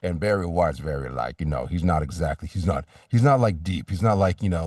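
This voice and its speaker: Low-voiced man, far from the mic. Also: a little fast, few pauses, a little mellow, dry recording, studio quality. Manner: rambling, many restarts and fillers, acts out sample reads. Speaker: voice actor guest. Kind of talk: casual interview talk.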